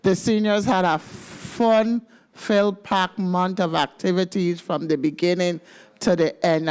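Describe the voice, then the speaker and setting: A woman's voice: fairly low pitch, clear, resonant tone. A woman with a Virgin Islands accent gives an upbeat, playful speech at a legislative ceremony and leads the crowd in chants. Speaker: government senior services official.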